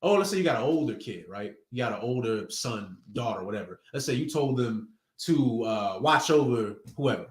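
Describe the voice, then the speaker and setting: Lively casual man preaching in an echoey room. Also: mid-range voice, normal speed, few pauses. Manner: casual street slang, conversational. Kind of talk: sermon teaching.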